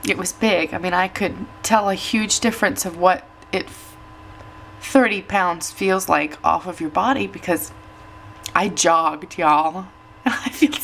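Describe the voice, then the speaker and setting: A woman talks straight to her camera at home, her voice sitting low and a little teary. She rambles warmly, laughing at herself as she goes, with a faint hiss of noise underneath. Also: unhurried, gravelly. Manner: chatty, emotional, laughs at herself. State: tearful. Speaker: weight-loss vlogger. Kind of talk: casual chat to camera.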